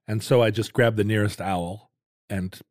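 A man's voice: fairly low pitch, fairly even intonation, moderate pace, a little mellow. A man co-hosting a casual comedic chat, a rambling storyteller who laughs often. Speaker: podcast co-host.

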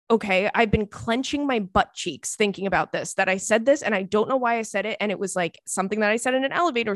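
A woman hosting a podcast in casual chat, an animated, chatty storyteller who breaks into playful squeals. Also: medium pitch, no room sound, studio quality. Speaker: podcast host.

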